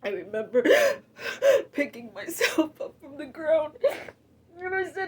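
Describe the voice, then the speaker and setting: A middle-aged woman tells a personal story in tears, her voice breaking, with halting narration that erupts into sobbing shouts. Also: high voice, very animated. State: tearful, voice breaking. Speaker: storyteller recounting a personal loss. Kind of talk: emotional personal testimony.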